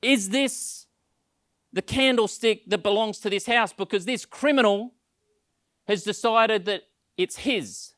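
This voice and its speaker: A stern, strict police officer, put on by a man preaching, speaking loud and sharp and pitched well above the preacher's plain voice. The sound is dry and close. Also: a little slow, no room sound. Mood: accusing.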